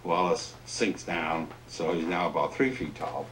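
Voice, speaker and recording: Deep-voiced guy telling a story for a documentary, mic a bit far off. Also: unhurried, fairly bright tone, a little hiss or hum. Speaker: interviewee, storyteller. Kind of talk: documentary interview anecdote.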